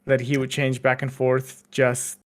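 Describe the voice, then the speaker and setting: A man's voice: medium pitch, monotone, measured pace. A man co-hosting a podcast, chatting casually with lots of fillers and restarts. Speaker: podcast co-host. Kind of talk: casual chat.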